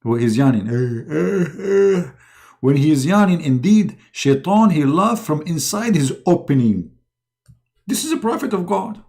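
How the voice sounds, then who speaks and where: A man's voice: on the high side, sing-song, normal speed, a little mellow. A man hosting a mocking religious commentary, talking sarcastically in broken English. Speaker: host.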